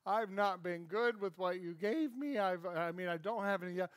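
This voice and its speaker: A man's voice: sits high, moderate pace, dry recording, clean studio sound, natural voice. A man playing a poor day worker in a parable who begs for mercy and then turns harsh on others. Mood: pleading.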